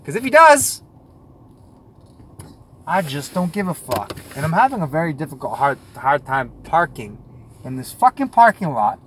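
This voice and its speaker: Man in his thirties, high-pitched, angry profane rant, mutters then yells, sitting in a car, faint traffic noise behind. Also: big pitch swings, moderate pace, long pauses. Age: 30s. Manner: angry, foul-mouthed, swings between mutter and yelling. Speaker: podcast host. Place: in a car in a parking lot.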